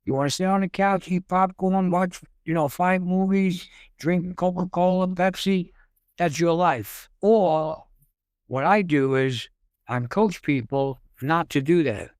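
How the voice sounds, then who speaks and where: A man's voice: high voice, measured pace, a little mellow, clear, resonant tone, dry recording, studio quality. A man, a guest coach, telling stories in a casual interview, repeating and stumbling over words as he talks. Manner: storytelling with repeated words and stammers.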